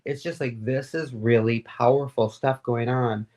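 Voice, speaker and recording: A woman being interviewed, telling stories in a rambling, animated and candid way, with frequent fillers. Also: a bass voice, unhurried. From Florida. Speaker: guest, advocate and radio host. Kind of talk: casual interview storytelling.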